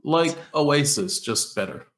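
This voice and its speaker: A man's voice: fairly high pitch, lively intonation, takes it slowly, a bit bright. A man co-hosting a casual podcast chat, talking through his ideas with enthusiasm and lots of fillers. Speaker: podcast co-host. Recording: roomy echo.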